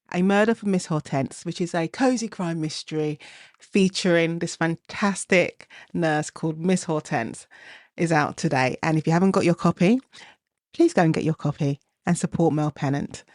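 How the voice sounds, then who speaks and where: A woman hosting a podcast interview, upbeat and brisk, laughing easily. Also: lowish voice, a little mellow, no echo, clean studio sound. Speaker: podcast host. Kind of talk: scripted podcast intro, then casual interview.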